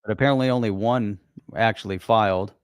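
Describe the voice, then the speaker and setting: A man's voice: on the low side, brisk, smooth, no room sound, studio quality. A man co-hosting a live crypto talk show in a laid-back, casual chat. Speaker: co-host.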